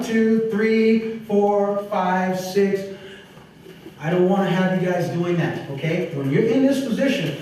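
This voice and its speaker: A martial arts instructor leads a seminar, talking while he demonstrates moves. His voice sits a bit high and comes from a distance. The big training hall echoes heavily around him. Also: darkish tone, a little hiss or hum. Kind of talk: teaching a seminar class. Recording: echoey hall recorded from far off.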